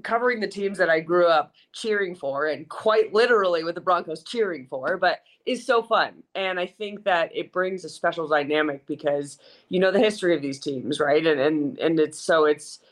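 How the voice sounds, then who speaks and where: This South African–born, Colorado-raised sports reporter speaks in a lowish voice at a normal speed, with few pauses. As a guest on a podcast, she keeps the interview loose, chatting and joking in a playful, self-deprecating way.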